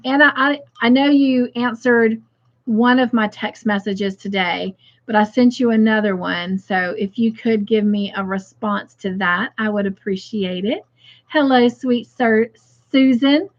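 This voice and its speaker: A woman's voice: a little high, lo-fi sound. A woman hosting a casual craft livestream, chatting and greeting viewers by name as she reads their comments aloud.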